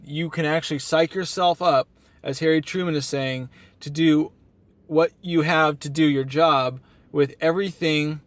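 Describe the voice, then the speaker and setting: A man with a slightly raised pitch talks straight to camera in a dry, close recording. He is short on sleep but pushing his energy up, earnest and a little rambling as he restarts his sentences. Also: no room sound. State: tired from no sleep. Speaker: motivational vlogger. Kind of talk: casual motivational monologue. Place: outdoors at a beach town. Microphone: camera mic.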